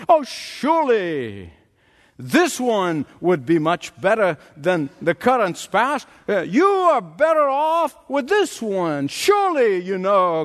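Guy putting on a sly wheedling devil, fake sympathetic, swoopy pitch, echoey hall. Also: a bit bright, heavily acted. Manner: wheedling, coaxing. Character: sly tempting male devil, falsely sympathetic. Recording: long reverb in a large hall.

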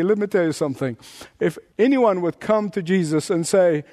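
A man's voice: high voice, normal speed, dark tone. A man preaching a sermon as a pastor, emphatic and driving his points home with rhetorical repetition. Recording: long hall reverb.

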